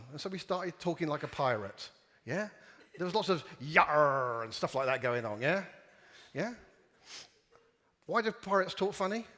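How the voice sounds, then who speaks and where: A conference speaker, a man with a fairly high, somewhat bright voice, delivers a playful, humorous talk and gets the live audience joining in games. Long hall reverb colors the sound.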